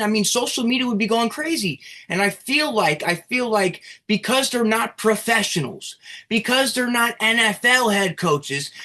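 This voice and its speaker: A man's voice: high-pitched, a bit bright. A young man co-hosting a casual sports podcast, heated and ranting, swearing freely as he argues his point. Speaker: podcast co-host.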